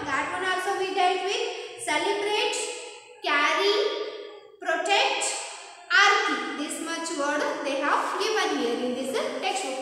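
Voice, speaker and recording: A woman with a Kannada accent teaching an English vocabulary lesson, explaining slowly and patiently, repeating words and spelling them letter by letter, and switching into Kannada. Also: very high voice, pushed and bright, a little hiss or hum. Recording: echoey classroom, voice from far off.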